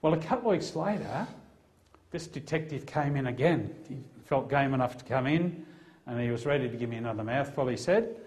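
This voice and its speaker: A man's voice: mid-range voice, animated, a little fast, darkish tone. A middle-aged Australian man, a Christian police officer, telling an emphatic testimony as a preacher. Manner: earnest, emphatic storytelling.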